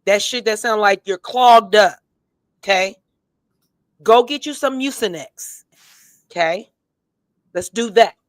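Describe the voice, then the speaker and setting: A woman's voice: mid-range voice, slow pace, pauses often, dry recording. A woman co-hosting a casual gossip show, talking bluntly and sassily, with emphatic repeats and a tipsy edge. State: tipsy, has been drinking. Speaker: co-host.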